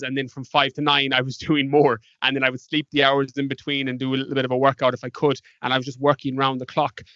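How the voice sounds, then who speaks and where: A man's voice: medium pitch, fairly bright tone, no room sound. An Irish man, a podcast guest, telling stories in a casual interview and acting out past conversations with animation. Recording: dull lo-fi dry sound.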